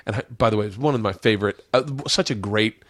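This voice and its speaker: A man in his forties hosting a podcast, telling rambling stories in casual chat, loud and quick to laugh. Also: on the low side, slight background noise. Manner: loud, rambling storyteller who breaks into squealing laughs. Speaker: podcast host. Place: home studio.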